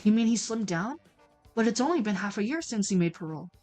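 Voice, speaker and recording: A woman's voice: medium pitch, lively intonation, quick pace, darkish tone, soft background music, close to an everyday voice. A woman voicing a playful, cheeky young male police officer in a video game, with a bouncy, teasing delivery. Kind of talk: reading a video game aloud.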